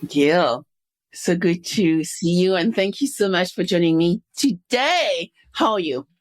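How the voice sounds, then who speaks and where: A woman's voice: fairly low pitch, expressive, measured pace. A woman hosting a podcast interview, introducing her guest and asking questions with emphatic energy. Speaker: podcast host.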